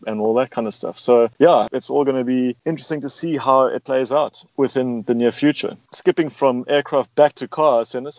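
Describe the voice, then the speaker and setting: A man's voice: mid-range voice, darkish tone, no echo, low-quality recording. Man hosting a motoring chat, easygoing and jokey, dry close sound. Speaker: show host. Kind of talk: casual radio chat.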